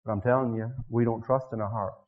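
A man preaching a revival sermon in church, swinging from quiet pleading to shouted, drawn-out climaxes. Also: medium pitch, steady tone, narrow, tinny audio.

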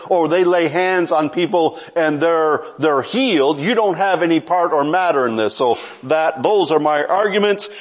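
Male pastor, high voice, conversational sermon delivery with frequent restarts.

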